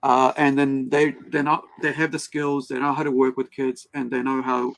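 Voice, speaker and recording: A New Zealand man co-hosts a podcast, swapping stories in casual chat and acting out what other people said like an animated storyteller. His voice sits in the mid-range with a creaky texture at normal speed, and the recording is rough.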